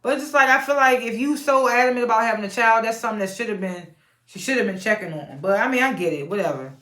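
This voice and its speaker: A woman's voice: a little high, fast talker, a bit bright, roomy sound. A woman casually recapping a reality show episode, chatty, laughing often and retelling scenes in quoted voices.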